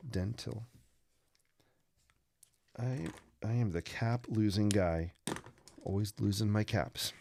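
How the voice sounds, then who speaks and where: A man's voice: on the low side, slow, vocal fry, long pauses, a little mellow, slight background noise. A man hosting a live drawing stream, chatting casually and playfully with viewers and making puns as he sketches.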